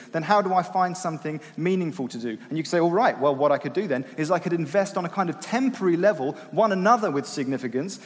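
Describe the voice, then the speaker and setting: A man preaching a conversational sermon, self-deprecating and prone to repeating his words as he goes. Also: a little high. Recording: long hall reverb.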